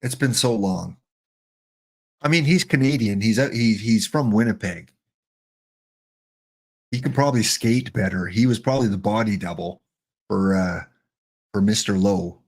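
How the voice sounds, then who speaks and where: A middle-aged man giving chatty, joking live-stream commentary while playing a baseball sim, excited and wired on coffee. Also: lowish voice, a little slow, long pauses. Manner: chatty, joking, talks to chat bots.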